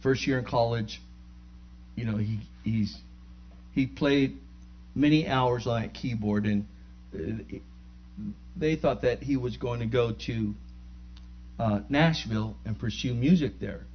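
An older man preaching in a storytelling sermon, his middle-pitched voice climbing into loud, excited bursts after halting restarts. The recording is dull and lo-fi.

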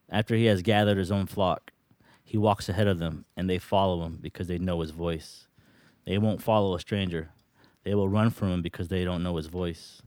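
A man's voice: low-pitched, a little mellow, dry recording. A man leading a Bible study, reading scripture passages aloud and asking the group questions. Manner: reads verses aloud, asks the group questions.

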